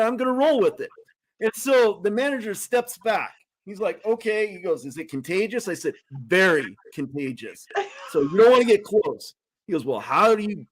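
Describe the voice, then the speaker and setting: A man telling a funny story on a talk show, animated and laughing often as he goes. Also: high voice. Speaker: guest.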